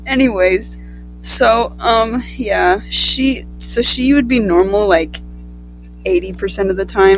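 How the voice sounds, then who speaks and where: A teenage girl telling a story in casual chat, rambling and swearing, with quick asides. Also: mid-range voice, poor audio. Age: teens.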